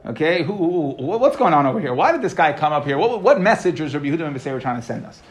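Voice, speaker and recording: A man teaching a Talmud class, reading each line and explaining it in casual, lively talk with modern asides. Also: on the high side, very fast. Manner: reads each phrase, then explains it casually.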